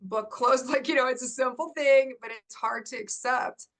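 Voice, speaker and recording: A middle-aged woman coach, a guest in an interview, telling a story in lively bursts and laughing often. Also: high-pitched, moderate pace.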